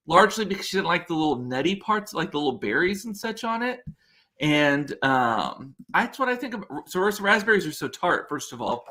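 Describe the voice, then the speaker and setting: Man, podcast host, casual rambling chat, fairly high voice, self-interrupting. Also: pushed and bright. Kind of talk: casual chat reading viewer comments.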